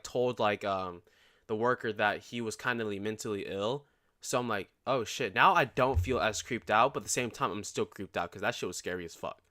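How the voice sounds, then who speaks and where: A man's voice: medium pitch, pushed and bright, dry recording, clean studio sound. A young man chatting casually on a day-trading live stream, rambling in slang with lots of restarts and swearing.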